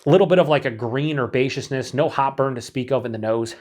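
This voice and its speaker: A man's voice: medium pitch, fast, darkish tone. Rambling man reviewing a beer. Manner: rambling, self-mocking, swears casually. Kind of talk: casual beer review monologue.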